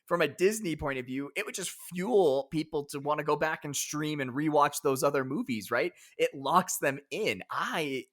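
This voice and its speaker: A man co-hosting a podcast in casual chat, enthusiastic and excitable. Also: fairly high pitch, moderate pace, hardly any pauses. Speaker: podcast co-host.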